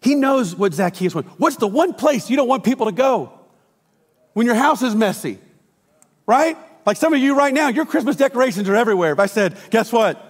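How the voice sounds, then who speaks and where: A middle-aged man preaching a sermon in a lively, conversational way, acting out quotes and sometimes shouting. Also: very high voice, fairly quick, slightly rough. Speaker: pastor. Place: church auditorium. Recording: reverberant church hall.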